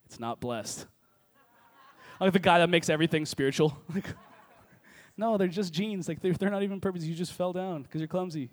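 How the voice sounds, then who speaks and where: High-voiced energetic young pastor. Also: male voice. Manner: energetic, joking storyteller. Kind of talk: sermon. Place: church service with congregation.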